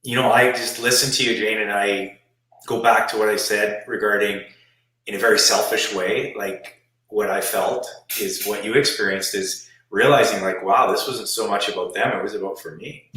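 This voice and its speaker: A man's voice: lowish voice, fairly even intonation, moderate pace, bright, forceful tone. A man talking in an earnest, musing way as co-host of a conversation. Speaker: co-host, performance coach. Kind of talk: reflective conversation. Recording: echoey room, far from the mic.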